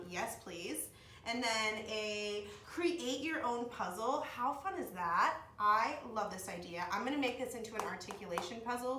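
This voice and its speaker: Bright, gushing young woman vlogging. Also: medium pitch. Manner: gushing, excited, lots of "like" and "oh my gosh". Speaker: vlogger, speech-language pathology assistant. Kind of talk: casual chat to camera. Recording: echoey room, mic at a distance, faint noise.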